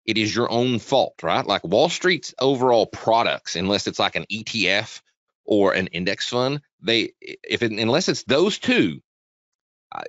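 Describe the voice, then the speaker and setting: A man hosting a live trading webinar, chatty and energetic, talking quickly with frequent restarts. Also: on the low side, no echo. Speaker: webinar host, trading educator. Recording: dull, dry lo-fi sound.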